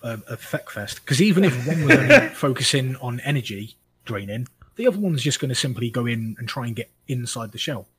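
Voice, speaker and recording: A man's voice: medium pitch, very animated, brisk, crowd noise, poor audio. A man co-hosting a casual podcast chat, talking through monster matchups with frequent restarts and self-corrections. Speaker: podcast co-host.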